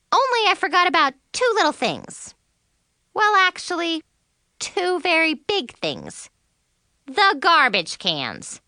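Woman narrator, first-person storybook telling as a teen girl, very lively intonation, crisp voice. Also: on the high side, no echo, clean studio sound. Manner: animated and expressive. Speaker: audiobook narrator.

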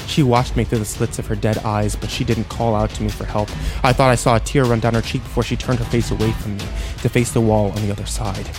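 A man narrating a dark first-person story in a tense, emotional way. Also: lowish voice, little pitch movement, quick pace, few pauses, music in the background.

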